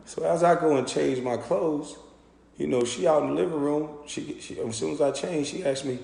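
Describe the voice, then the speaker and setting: A former pro basketball player telling a story in an animated, profane, indignant rant. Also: male voice, a little high, normal speed, vocal fry. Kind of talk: ranting storytelling monologue. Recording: echoey room with long reverb.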